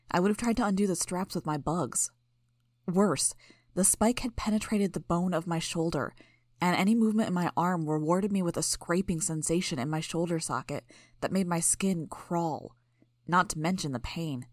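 A woman narrating a novel in the first person, in a steady, even storytelling manner. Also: lowish voice, dry recording, studio quality. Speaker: audiobook narrator.

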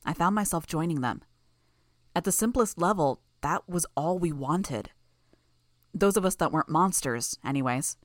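Lowish woman narrating an audiobook. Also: expressive, moderate pace, no echo, clean studio sound. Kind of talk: first-person audiobook narration.

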